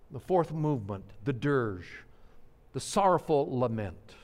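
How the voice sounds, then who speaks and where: A man's voice: big pitch swings, unhurried. Dramatic preacher man in a big hall. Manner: dramatic, swings from hushed lows to soaring proclamation. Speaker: pastor. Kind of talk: sermon.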